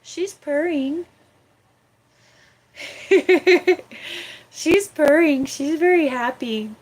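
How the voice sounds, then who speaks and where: A young woman hosting a casual livestream, her voice sitting a little high for a woman. She talks slowly and chattily, drifting now and then into soft cooing baby talk. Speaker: livestream host.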